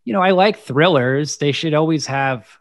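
A man's voice: on the high side, moderate pace. A man co-hosting a casual podcast, wry and full of joking asides. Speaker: podcast co-host. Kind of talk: casual chat about a film.

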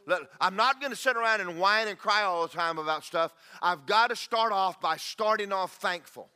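A man's voice: sits high, normal speed, pushed and bright, clear, resonant tone. A middle-aged man preaching a sermon. He tells folksy stories and rises into fervent prayer. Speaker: pastor.

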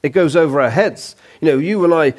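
Male preacher with a husky, slightly high voice, who preaches conversationally and drops in jokes. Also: a little fast. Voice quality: husky, lively and conversational, with playful asides. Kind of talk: sermon. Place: church.

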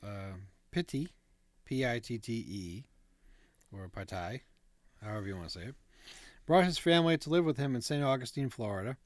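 A man in a relaxed podcast chat, reading ghost stories off his notes and dropping in fillers and little asides. His pitch sits in the middle, and the sound is dry and close, with no room around it. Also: moderate pace, pauses often, no echo. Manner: laid-back, reads notes with fillers and asides. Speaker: podcast co-host.

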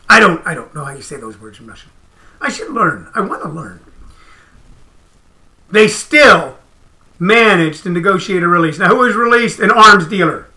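A man hosting a casual livestream, ranting in an animated, emphatic, profane way. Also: high-pitched. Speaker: comedian host.

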